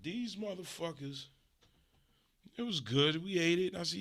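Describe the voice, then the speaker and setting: A middle-aged man from Los Angeles hosting a stream, ranting through a comic story in an animated, profane way with big swings in pitch and volume. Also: normal speed, vocal fry, long pauses. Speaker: stream host.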